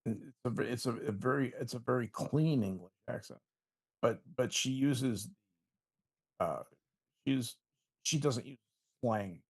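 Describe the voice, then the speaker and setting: A man on a panel show chatting casually, halting and restarting his sentences. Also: medium pitch, a little mellow, husky, no echo, studio quality.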